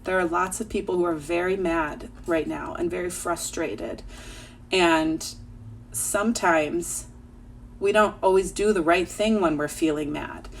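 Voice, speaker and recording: A young woman teacher reading aloud and talking gently to young children at home. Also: on the low side, unhurried, gravelly, a little hiss or hum.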